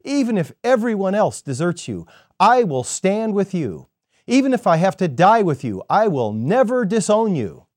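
A man's voice: on the high side, sing-song, unhurried, warm tone, no echo, studio quality. A man voicing an impulsive, earnest male disciple who speaks emphatically and pleads, in a scripted sermon reading. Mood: vowing.

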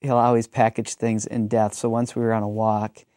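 A man's voice: fairly low pitch, little pitch movement, moderate pace, warm tone, dry recording, studio quality. A man in his thirties, a pastor and teacher, talking earnestly about ministry and telling stories in a conversational way. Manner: earnest, storytelling, frequent "um".

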